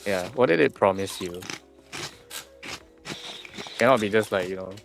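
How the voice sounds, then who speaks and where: A man's voice: on the low side, unhurried, creaky, music in the background. A man acting as game master in a casual tabletop session, musing aloud and humming filler syllables as he thinks.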